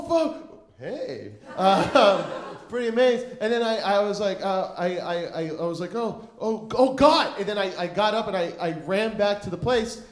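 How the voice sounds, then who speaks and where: A man's voice: high-pitched, echoey room. A young man telling a rambling stand-up story on a comedy stage, full of fillers and acted-out quotes.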